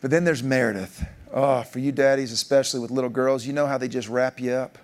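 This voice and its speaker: A man, giving a keynote speech as a joking storyteller, his voice jumping up for punchlines. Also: fast talker. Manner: animated, jokey storyteller, pitch jumping up for punchlines. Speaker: keynote speaker. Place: large conference hall.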